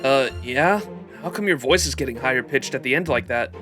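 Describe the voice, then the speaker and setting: A man's voice: medium pitch, brisk, pushed and bright, soft background music. A man streaming a game live, reacting casually and thinking aloud, with loose swearing and stumbling restarts. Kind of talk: live gameplay commentary.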